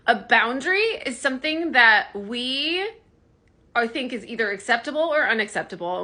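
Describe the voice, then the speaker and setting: A woman with a bright, forward voice speaks directly to her viewers, giving advice in a casual, emphatic way. She talks at a middle pitch and slips into quoted dialogue as she tells her story. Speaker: social media creator. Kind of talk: direct-to-camera advice vlog.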